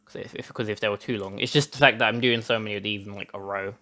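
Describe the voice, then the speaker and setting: A young man running a let's play talks fast in a low-leaning voice that's pushed and bright, though his intonation stays fairly even. Sweaty, hot, and a bit breathless, he rambles through the gameplay commentary, cutting himself off and starting over again and again.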